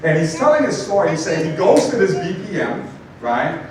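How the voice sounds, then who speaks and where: A man giving a motivational talk to an audience, telling stories with animated asides. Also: sits high, moderate pace. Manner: storytelling, animated, many asides like "right?". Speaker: motivational speaker. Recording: echoey hall from far off, noisy.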